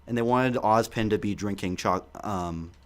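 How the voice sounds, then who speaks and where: A young man co-hosting a podcast in casual chat, chuckling often and pausing on ums and restarts as he gathers his thoughts. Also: on the low side. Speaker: podcast co-host.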